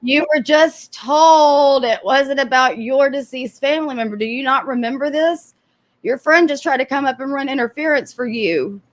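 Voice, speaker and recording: Brief: mocking livestream host, woman, slightly high voice, amused. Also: moderate pace. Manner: laughing, teasing, mocking. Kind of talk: livestream commentary.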